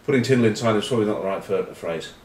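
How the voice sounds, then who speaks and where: This rugby pundit and vlog host has a low voice and races along as he rambles through casual chat to camera, dropping wry, cheeky asides. Seated back from the mic, he sounds distant in an echoey room, with a little hiss or hum underneath.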